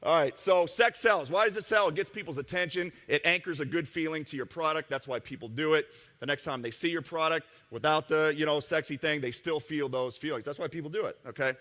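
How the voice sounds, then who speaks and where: Male seminar speaker, brash and joking, bright tone, echoey hall. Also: fairly high pitch. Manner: brash, joking, rapid asides to the audience. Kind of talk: live seminar talk. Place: event room with an audience.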